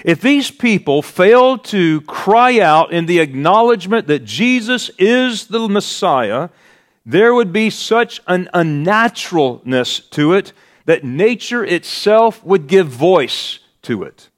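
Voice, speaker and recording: A man preaching a sermon as pastor, slow and deliberate, rising to emphatic peaks on key words. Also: sits high, sing-song.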